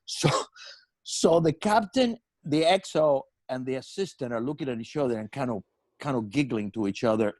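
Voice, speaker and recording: An older male comedian telling a long, animated comic story, full of profanity and stumbling restarts. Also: mid-range voice, normal speed, no echo.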